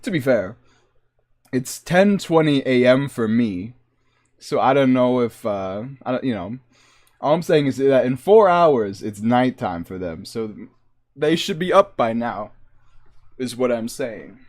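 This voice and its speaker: A man's voice: medium pitch, expressive, unhurried, a little mellow. A man from the Boston area chatting casually and jokingly on a livestream into a desk microphone. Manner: rambling and joking. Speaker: streamer.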